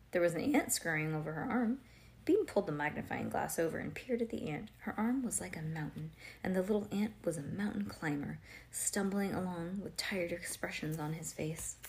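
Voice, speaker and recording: A woman reading a children's storybook aloud in a home recording, breaking off to chat, quiz her listener and explain things, with many "like"s and "um"s. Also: fairly low pitch. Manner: conversational, quizzes the listener, digresses with "like" and "um". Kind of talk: storybook reading with chatty asides.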